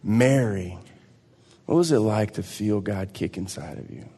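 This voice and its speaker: A man, preaching a sermon as pastor, swinging between loud exclamations and hushed, earnest passages. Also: fairly low pitch, a little slow, slightly rough, in a large hall. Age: 40s. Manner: animated, swinging between shouts and hushed intensity.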